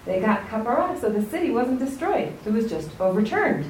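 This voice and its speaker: Fairly high-pitched yet darkish in tone, an American woman's voice swings widely in pitch as she talks fairly quickly through a conversational religious text lesson for a group, repeatedly checking in with "right?". A little hiss or hum is audible, and the sound is roomy and distant with faint ambience.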